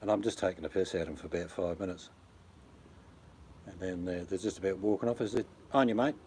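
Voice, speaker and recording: Deep mellow Australian man chatting. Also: fairly even intonation, quick pace, a little hiss or hum. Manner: rambling, blunt and chatty, addresses viewers by name. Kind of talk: casual chat.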